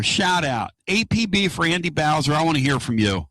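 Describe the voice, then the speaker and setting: A man hosting a casual radio talk show from inside a moving car, excitable and rambling. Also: on the high side, normal speed, few pauses, no echo. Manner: excitable, rambling and loud-mouthed.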